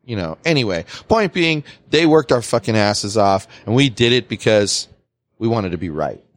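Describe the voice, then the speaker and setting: A man's voice: normal speed, no room sound. A man hosting a podcast, telling a work story in casual chat, swearing freely. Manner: animated, swings pitch widely, swears freely. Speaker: podcast host.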